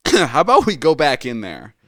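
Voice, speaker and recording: A man in his twenties, a podcast host, telling a story in a casual, animated way with lots of swearing, acting out his friends' lines as he goes. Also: a little high, moderate pace, no room sound, clean studio sound.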